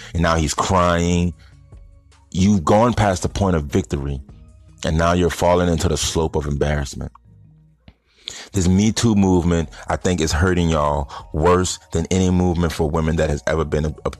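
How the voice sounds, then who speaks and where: Low voiced guy rambling his opinions at his viewers, real blunt, dry sound. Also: normal speed, a little mellow, no echo, faint music behind. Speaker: vlogger addressing stoner audience. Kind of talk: casual opinion monologue.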